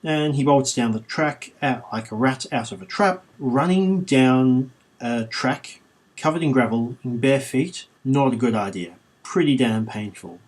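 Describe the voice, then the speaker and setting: Man, husky voice, sarcastic comedic book reading, swears a lot, irreverent asides. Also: mid-range voice, measured pace. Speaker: book reader and commentator. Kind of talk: comedic audiobook reading with commentary.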